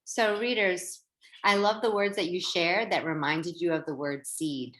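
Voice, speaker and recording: A woman teacher giving a reading lesson to young children, slow and sing-song, stretching out words. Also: on the low side, a bit bright. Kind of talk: early-grade reading lesson. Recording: roomy echo.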